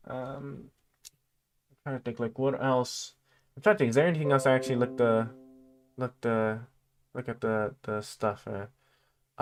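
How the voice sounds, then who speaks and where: A man streaming casually, rambling and stammering with many fillers as he reads and thinks aloud, dropping quieter while he reads and perking up again. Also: mid-range voice. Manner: drifts quieter when reading to himself, then perks up.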